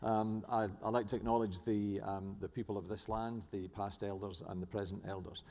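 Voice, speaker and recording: A man's voice: fairly low pitch, steady tone, moderate pace, darkish tone. A middle-aged man with a New Zealand accent giving a conference panel talk, hesitant with many fillers and restarts, and a dry sense of humour. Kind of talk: conference presentation. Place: large conference hall. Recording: echoey conference hall.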